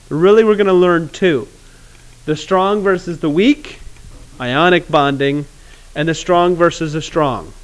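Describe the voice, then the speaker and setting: A man teaching chemistry in a classroom, casual and joking, with awkward pauses. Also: sits high, clean tone. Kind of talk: classroom lecture.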